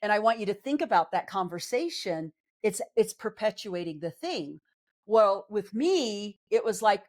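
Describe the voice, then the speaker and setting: A woman's voice: mid-range voice, big pitch swings, moderate pace, darkish tone. A woman psychologist and life coach speaking in a conversational interview, earnest and candid, with a reassuring way of explaining things. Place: on camera.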